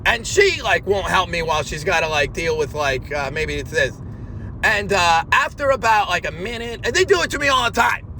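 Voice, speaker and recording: A man delivering a rambling spoken monologue in an agitated way, swinging between shouting and low muttering. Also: lively intonation, moderate pace, a little hiss or hum. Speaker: monologue speaker.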